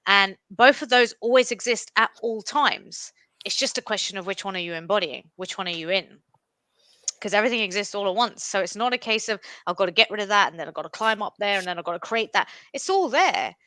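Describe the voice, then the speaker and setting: A woman's voice: mid-range voice, a little fast, no echo. A woman co-hosting a casual podcast, talking emphatically about spirituality and the ego. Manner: animated, emphatic, shifting pace. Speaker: podcast co-host.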